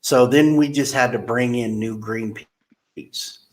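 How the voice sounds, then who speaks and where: A man's voice: mid-range voice, a little slow. Storytelling man in an echoey room. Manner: animated, acts out quoted people. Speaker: car dealership general manager. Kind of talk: casual interview storytelling.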